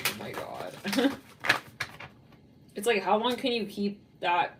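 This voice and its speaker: A woman's voice: medium pitch, sing-song, unhurried, long pauses, recorded from a distance, heavy background noise. A woman with a Californian accent giving a casual, rambling tarot reading, laughing often and saying "like" a lot. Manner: rambling, giggly, lots of "like". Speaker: tarot reader.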